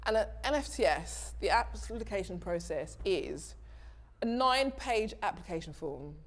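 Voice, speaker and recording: Lively London woman telling a story. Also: medium pitch, a little slow. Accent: London English. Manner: lively, laughs often, acts out quoted dialogue. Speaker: interview guest, TV director. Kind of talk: casual conversational storytelling.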